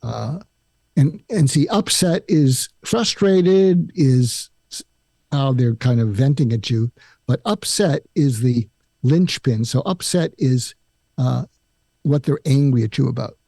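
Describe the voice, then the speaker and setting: Older male guest, gravelly and mellow, calm step-by-step advice, dry close sound. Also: medium pitch, takes it slowly, no echo. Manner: calm, explains step by step, acts out example lines. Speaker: psychiatrist guest. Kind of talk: advice in a podcast interview.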